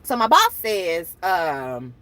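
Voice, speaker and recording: A woman's voice: fairly low pitch, big pitch swings, takes it slowly, pushed and bright. A woman hosting her own channel, chatting casually and animatedly to viewers, laughing often. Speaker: channel host.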